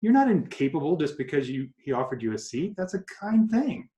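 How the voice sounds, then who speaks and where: Man with a slightly high, echoey voice. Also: brisk. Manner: animated storyteller acting out quoted voices. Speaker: guest coach. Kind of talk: casual interview talk. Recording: echoey room.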